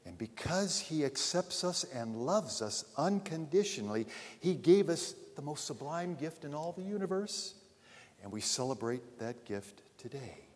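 A man preaching a sermon, telling a story and then addressing his congregation earnestly, rising loud and falling to a hush. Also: fairly high pitch, expressive, unhurried, breathy edge. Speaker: pastor. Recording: long reverb of a large hall.

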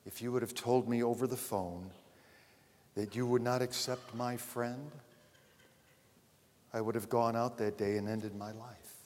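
A man preaching, speaking as a wounded young soldier son in a low, subdued, choked voice. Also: fairly even intonation, a little slow, pauses often, darkish tone, in a large hall, slight background noise, lightly acted.

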